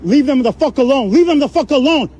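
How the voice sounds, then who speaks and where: A man in a heated street confrontation, shouting and cursing in rage. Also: very high-pitched, expressive, fast talker, dull audio. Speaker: protester confronting agents.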